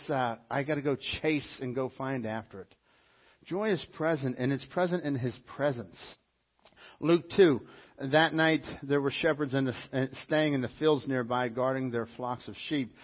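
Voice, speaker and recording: A man's voice: mid-range voice, husky, dull audio. A man, a pastor, preaching a sermon in a conversational, emphatic way, often restarting his sentences.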